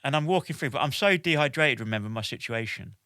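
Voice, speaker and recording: A man in his forties, a guest on a podcast, recounts an anecdote with animated energy. His voice is bright and forceful at a middle pitch, and he leans on "like" and "basically" as he goes. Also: quick pace, no room sound, studio quality. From United Kingdom. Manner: animated, with many "like" and "basically" fillers. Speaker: podcast guest, military veteran. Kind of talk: lively anecdote-telling.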